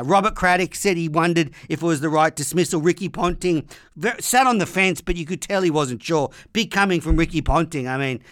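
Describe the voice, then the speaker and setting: A man's voice: high voice, fairly bright tone, clean tone, no echo, studio quality. An Australian man hosting a podcast, delivering an angry, profane comedic rant. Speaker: podcast host. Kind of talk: comedic ranting monologue.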